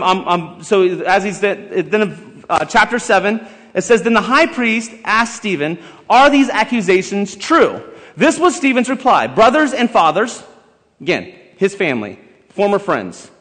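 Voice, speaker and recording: A man preaching a sermon, emphatic and building to loud exhortation, in a church sanctuary. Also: sits high. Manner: emphatic, rising to shouted exhortation, leads the congregation in song. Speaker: pastor. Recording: long hall reverb with faint music.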